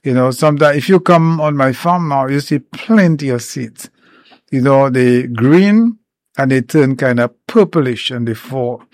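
A man explaining herbal remedies in an informal talk, unhurried and step by step, with many pauses. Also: mid-range voice, dry recording. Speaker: herbal educator.

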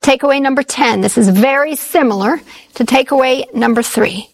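High-voiced woman preaching a sermon. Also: normal speed, rough recording. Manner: earnest storytelling with repeated phrases.

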